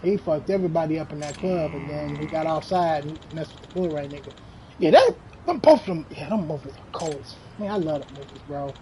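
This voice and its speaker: A game streamer chatting casually and telling stories in an animated, rambling way, with lots of slang and swearing. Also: medium pitch, fast talker, noisy background. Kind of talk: casual chat while streaming.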